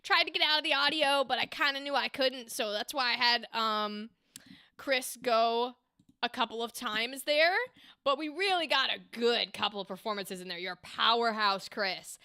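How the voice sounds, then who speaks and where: A woman hosts a casual livestream, gushing over voice actors' clips in a high, bright voice. Her tone is smooth and clear, recorded close and dry. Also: normal speed, no echo. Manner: enthusiastic, gushing praise. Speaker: livestream host reviewing voice auditions.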